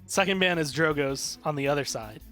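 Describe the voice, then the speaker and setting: A male esports co-caster with a somewhat high voice walks through the stats in a measured, analytical way. He drops in dry asides now and then. Soft music plays behind him. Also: lively intonation. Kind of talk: live esports commentary.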